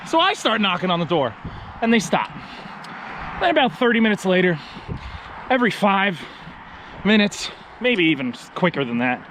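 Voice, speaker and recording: A man's voice: sits high, normal speed, long pauses, background noise. A man vlogging, telling a travel story in a casual, sarcastic way. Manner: sarcastic, animated retelling.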